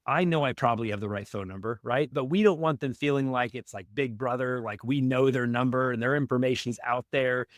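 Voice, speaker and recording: A man's voice: mid-range voice, no echo, clean studio sound. A man explaining cold-calling step by step in a podcast interview, upbeat and coaching, often checking in with "right?". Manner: energetic, instructive, frequent "right?" check-ins. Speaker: real estate wholesaling guest.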